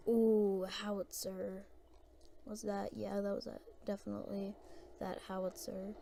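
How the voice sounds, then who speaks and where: Woman, casual gameplay commentator; soft, mellow tone, unhurried and meandering delivery. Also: mid-range voice, little pitch movement, creaky, a little hiss or hum. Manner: rambling, hesitant, thinking aloud.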